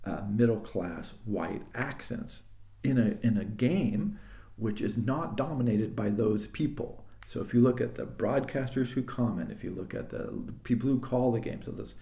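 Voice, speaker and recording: Gravelly low-voiced man lecturing, roomy. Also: animated, moderate pace, mellow. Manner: discursive, full of restarts and asides. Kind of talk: recorded lecture.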